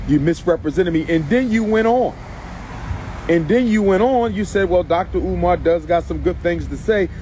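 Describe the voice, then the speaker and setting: A man with a fairly high voice delivers a preachy, impassioned monologue. He repeats his points and keeps addressing the listener as brother. Faint street and car noise runs behind him, as if he is recording outdoors. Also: warm tone. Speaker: commentator responding to a clip.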